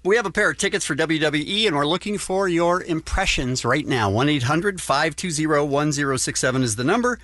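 An upbeat man hosting morning radio and taking listener calls. His pitch moves a lot as he talks, and he sounds dry and close to the mic. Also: expressive, brisk, hardly any pauses, a bit bright, no room sound. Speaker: radio show host.

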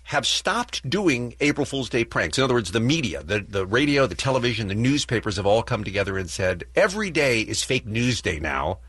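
A husky-voiced man from Britain hosts a radio show and banters with his co-hosts. He is self-deprecating and rambles through restarts. His voice swings freely up and down, and the sound is close and dry. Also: mid-range voice, sing-song, a little fast, hardly any pauses, fairly bright tone, no room sound. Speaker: radio host.

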